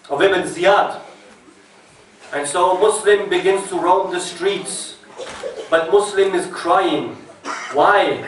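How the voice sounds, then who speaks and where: A man preaching a mourning sermon, telling the story with deep emotion and at times chanting. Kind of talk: Muharram majlis sermon. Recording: echoey hall, distant mic.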